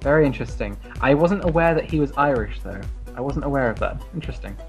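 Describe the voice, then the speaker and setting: A man's voice: medium pitch, lively intonation, fast talker, faint music behind, poor audio. A man hosting an online English conversation club, talking casually with many fillers and restarts. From New Zealand.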